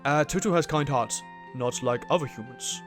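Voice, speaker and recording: A man reading the lines of a gentle male village elder from a video game in a slow, solemn way. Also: medium pitch, soft background music, natural voice.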